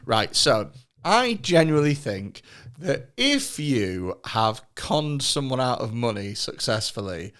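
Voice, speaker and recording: A man's voice: medium pitch, big pitch swings, takes it slowly, a bit bright. A man hosting a comedy podcast, chatting casually with crude, sweary jokes and frequent laughter. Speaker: podcast host.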